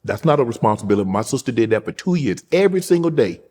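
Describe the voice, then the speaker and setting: A man hosting an interview, telling a heartfelt personal story slowly and quietly. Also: medium pitch, big pitch swings, slightly rough. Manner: slow, heartfelt storytelling, dropping soft at emotional points. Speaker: host. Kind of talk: casual interview talk.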